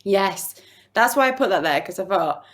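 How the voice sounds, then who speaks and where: A woman in her thirties from Yorkshire, England, with a strong Yorkshire accent, chats casually as a podcast guest over a video call and laughs often. Her mid-range voice is expressive at a normal speed.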